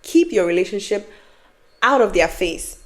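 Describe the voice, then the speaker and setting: A woman's voice: medium pitch, normal speed. Emphatic woman telling a storytime. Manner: animated, emphatic repetition. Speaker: vlogger. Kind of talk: storytime advice vlog.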